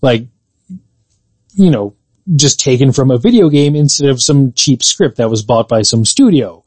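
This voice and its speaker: A man co-hosting a podcast, chatting casually about games and movies in a measured, explanatory way. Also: medium pitch, lively intonation, husky, no room sound. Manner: measured, explanatory, fond of qualifiers. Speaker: podcast co-host.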